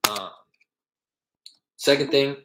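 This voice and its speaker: A man's voice: mid-range voice, takes it slowly, fairly bright tone, reverberant. A young man in casual talk, explaining his real estate cold-calling method between live calls, rambling a little as he goes.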